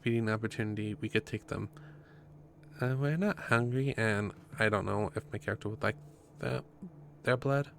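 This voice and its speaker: A man's voice: on the low side, normal speed, gravelly, slight background noise. A man reading a story game's text aloud in a casual way, with his own asides between passages. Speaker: game player narrating.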